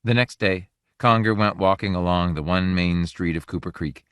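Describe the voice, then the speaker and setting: A male audiobook narrator reading a story in a measured, even way. His voice is low and deep, recorded close in a dry booth. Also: smooth, no echo. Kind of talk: scripted narration.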